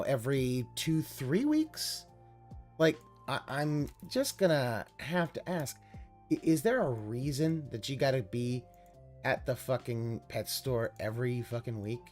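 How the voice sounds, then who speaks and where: A woman's voice: very deep voice, a little mellow. A woman streamer reacting to a video in an exasperated, sarcastic, profane rant, now and then mocking the person she is watching. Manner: exasperated, sarcastic, swears a lot, mocking voices. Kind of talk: profane ranting reaction commentary.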